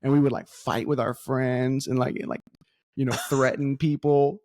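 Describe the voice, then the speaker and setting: A man's voice: medium pitch, normal speed, no room sound. A man chatting on a podcast, swept up in his own stories and acting out the people in them. His voice sits in the middle range. The sound is dry and close, with no room around it. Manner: animated storyteller, acts out voices. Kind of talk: casual podcast chat.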